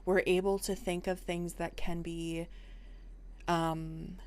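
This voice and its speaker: A young adult woman streaming, chatting casually and playfully to her viewers with sudden excited outbursts. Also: on the low side, slow pace.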